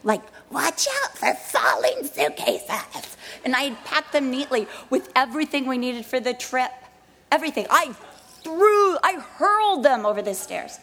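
Animated woman telling a testimony. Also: high-pitched, moderate pace. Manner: animated storytelling, acting out the scenes she tells. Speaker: pastor's wife. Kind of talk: dramatic personal testimony in a sermon.

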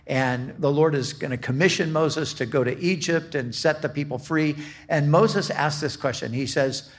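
A man preaching a sermon as a pastor, teaching in a slow, deliberate way and often restarting his phrases. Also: on the high side.

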